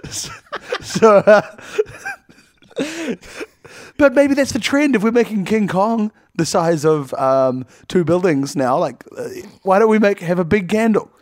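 A man's voice: high voice, expressive, unhurried, no echo, studio quality. A man co-hosting a casual, comedic podcast chat, rambling through jokes and laughing often. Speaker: podcast co-host.

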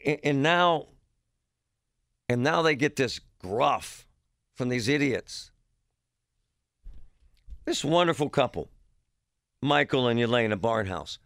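A man's voice: mid-range voice, animated, takes it slowly, pauses often, fairly bright tone, no echo, clean studio sound. A man hosting a talk radio show, delivering a blunt, heated monologue. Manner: blunt, heated, emphatic ranting.

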